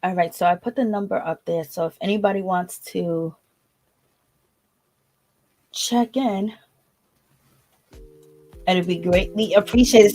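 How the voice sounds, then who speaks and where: A woman's voice: medium pitch, takes it slowly, long pauses, a little mellow, no echo, faint music behind. A woman hosting a call-in channel, recapping a reality show in a chatty, casual way and talking straight to her viewers. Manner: chatty, with many fillers, speaks straight to viewers. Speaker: host of a call-in commentary channel.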